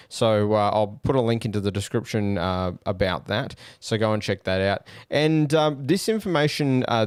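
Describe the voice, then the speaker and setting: Australian man, podcast host, casual musing commentary, smooth voice, dry recording. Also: mid-range voice, no room sound. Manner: hesitant, many fillers, musing aloud.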